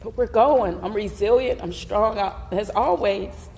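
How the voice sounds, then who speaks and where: A woman on stage as a coaching participant, answering in halting, hesitant phrases. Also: medium pitch, creaky, darkish tone, recorded from a distance. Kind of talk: emotional on-stage coaching exchange. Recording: echoey hall with faint noise.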